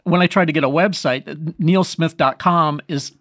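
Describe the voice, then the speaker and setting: A man's voice: fairly high pitch, moderate pace, no room sound. Guy, musician, chatty storyteller, does little voices for people, dry close sound. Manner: animated storyteller, quotes others in lively voices. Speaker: guest musician. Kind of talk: casual storytelling interview.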